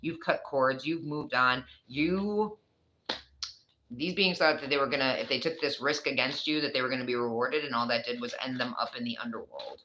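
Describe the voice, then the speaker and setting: Bright-voiced New York tarot reader. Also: medium pitch, moderate pace, lo-fi sound. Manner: rambling, chatty, swears casually. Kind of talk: casual tarot reading to a viewer.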